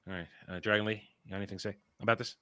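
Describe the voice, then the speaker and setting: Podcast host, male, blunt ranter, bright close voice. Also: fairly low pitch, fairly even intonation, very fast, clean tone, no room sound. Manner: blunt, ranting, profane. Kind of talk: casual panel chat.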